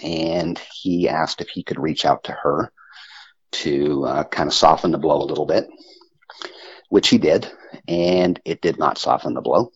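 Deep, raspy male guest, halting storyteller, dry close muffled recording. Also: dry recording. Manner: halting, with frequent restarts and pauses. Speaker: interview guest telling his story. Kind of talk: personal storytelling. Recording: muffled lo-fi audio.

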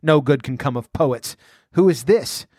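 A man's voice: mid-range voice, measured pace, darkish tone, no room sound, clean studio sound, close to an everyday voice. A man voicing a fussy, fat older male court official in a storybook reading, fretful and flustered. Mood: nervous. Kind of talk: audiobook character voice.

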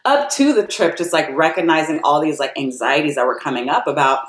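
An American woman telling a personal travel story in a chatty, casual way, with many "like"s and acted-out quotes. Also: brisk. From United States. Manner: chatty, lots of "like", acts out quotes in a higher voice. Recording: roomy echo.

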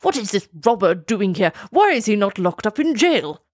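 A woman voicing a pompous, nervous old king who barks commands in a raised, excitable voice. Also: mid-range voice, moderate pace, no room sound, clean studio sound. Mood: outraged.

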